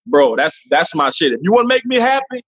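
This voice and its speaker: A man, a comedian guest, chatting casually and profanely in an animated interview. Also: fairly high pitch, a little fast, husky. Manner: animated, profane, jumps into voices. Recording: dull lo-fi remote line.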